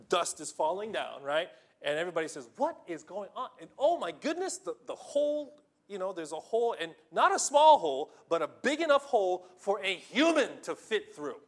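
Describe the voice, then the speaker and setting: A male pastor preaching a sermon, telling the story with animated swings between loud exclamations and hushed tones, often filling with "you know". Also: sits high. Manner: fills with "you know" and restarts.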